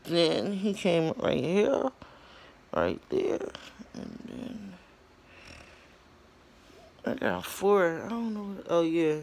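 Slow-talking young woman chatting to camera. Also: on the low side, creaky. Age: 20s. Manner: chatty, animated storytelling, addresses viewers as y'all; frequent fillers and trailing pauses. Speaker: vlogger. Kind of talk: casual talk to camera.

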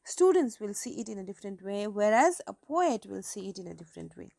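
A woman's voice: medium pitch, very animated, a little fast, creaky, mellow, dry recording, clean studio sound. A woman teaching an English literature lesson for exam preparation, explaining step by step with frequent okays and self-corrections. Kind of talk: exam-prep lecture.

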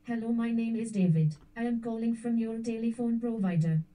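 A synthetic woman's voice reading out chat names and comments in a flat machine delivery. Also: a little high, fairly quick, recorded from a distance, low-quality recording.

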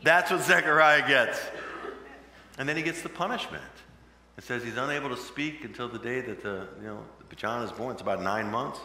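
A man preaching a sermon in a conversational way, with sudden loud emphatic bursts, recorded in a church. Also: mid-range voice, moderate pace. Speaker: pastor. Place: church sanctuary. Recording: echoey church hall with long reverb, faint hum.

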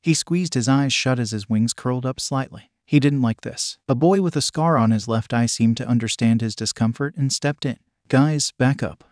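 A man giving a scripted fan fiction narration in an even, measured reading voice. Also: mid-range voice, dry recording, studio quality.

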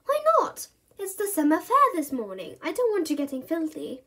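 A woman's voice: sits high, sing-song, moderate pace, voice pushed up. A woman voicing an exasperated, scolding mother in a children's storybook reading. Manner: sighing, scolding. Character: busy mum, exasperated but kind.

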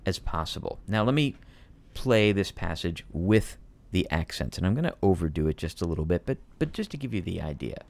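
A man's voice: low-pitched, lively intonation, fairly quick, vocal fry. A man teaching piano, patiently walking students through a piece step by step. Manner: patient, methodical, emphatic explanations.

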